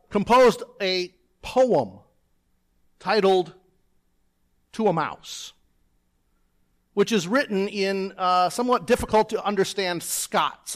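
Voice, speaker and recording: Pastor guy with a pretty high voice, telling funny self-deprecating stories before the sermon. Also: a bit bright. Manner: self-deprecating storyteller, chatty asides. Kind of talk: sermon with personal anecdote. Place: church, preaching seated on a stool.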